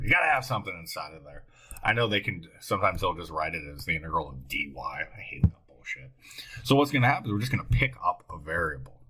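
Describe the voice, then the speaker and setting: An excitable man teaches math on a recording, thinking aloud and talking to himself as he works. His voice is bright and a little husky, and his pitch swings widely.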